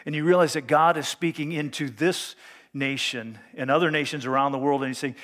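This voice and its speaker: A man's voice: a little high, fairly even intonation, brisk, fairly bright tone. A man pastor preaching a sermon, reading scripture aloud and explaining it earnestly and emphatically.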